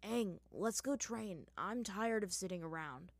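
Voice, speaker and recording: A glum teenage prince who keeps trying to smooth things over, read by a woman. He sounds earnest and a bit worn down, in a storybook reading. The sound is dry and close. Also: mid-range voice, animated, unhurried, no echo. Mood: uneasy. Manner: glum, peacemaking.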